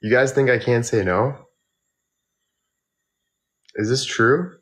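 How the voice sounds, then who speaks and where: A young man chatting casually on a phone livestream, tired and tipsy from drinking, rambling slowly with lots of fillers. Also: mid-range voice, fairly bright tone. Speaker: model and livestreamer.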